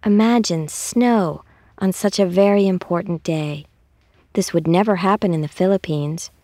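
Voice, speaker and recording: A woman reading a children's story aloud in a calm, measured way. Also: lowish voice, no echo. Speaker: narrator.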